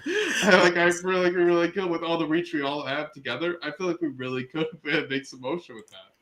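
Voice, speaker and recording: A man co-hosting a podcast in casual chat, excitable and laughing often, with lots of fillers. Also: a little high, a little fast, poor audio. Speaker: podcast co-host.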